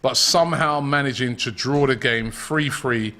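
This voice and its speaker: A man hosting a football round-up show, chatting casually with animated banter. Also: mid-range voice, normal speed.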